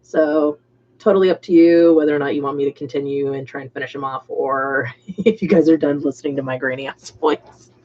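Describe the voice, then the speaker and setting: A woman's voice: sits low, fairly even intonation, fairly quick, a little mellow, muffled recording. A woman hosting a casual livestream, chatting to viewers by name as she paints miniatures.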